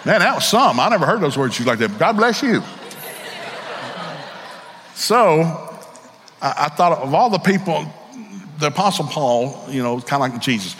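A man's voice: a little high, lively intonation, normal speed, a bit bright, long reverb tail, a little hiss or hum. A middle-aged man with a Southern American accent, preaching a storytelling sermon in a folksy, candid way and acting out the voices in his stories. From Southern United States.

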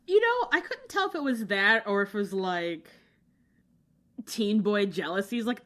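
A woman's voice: medium pitch, animated, normal speed, fairly bright tone. A woman co-hosting a casual book discussion podcast, talking animatedly with laughs and exasperated rants. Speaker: podcast co-host.

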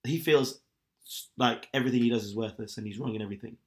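A man in casual podcast chat, spinning out a story at an ordinary middle pitch. He rambles, piles on filler words and restarts sentences as he goes. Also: quick pace.

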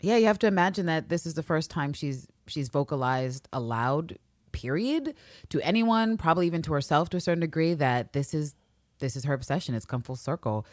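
Low-voiced woman podcaster recapping excitedly. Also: dry recording, clean studio sound. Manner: animated, acts out characters' lines in quick voices. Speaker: podcast co-host. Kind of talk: casual fan recap chat.

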